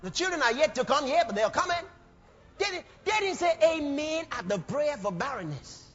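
A very high-pitched man preaching with fervor, breaking into shouts and playing out little scenes. His voice rings through a long hall reverb and sounds dull and muffled, with faint music underneath. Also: big pitch swings, normal speed. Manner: fervent, shouting bursts and acted quotes. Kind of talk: sermon. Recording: dull, echoey hall recording.

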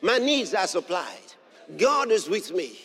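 A male pastor preaches with a high, sweeping voice that climbs and drops across each phrase. He hammers his points home by repeating them and breaks into shouts. The sound carries a long, hall-like reverb. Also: big pitch swings, a little slow, breathy edge. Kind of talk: sermon.

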